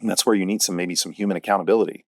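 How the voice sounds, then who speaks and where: A man's voice: sits low, steady tone, rapid-fire, no echo, studio quality. A man hosting a podcast as a fitness coach, talking directly and punchily in a casual solo monologue, often checking in with "all right?".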